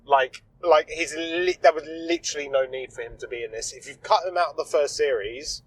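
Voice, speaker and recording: Young male co-host, rambling and easygoing, a little high-pitched. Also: a little fast, poor audio. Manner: rambling, searching for words, agreeable. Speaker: podcast co-host. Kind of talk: casual chat.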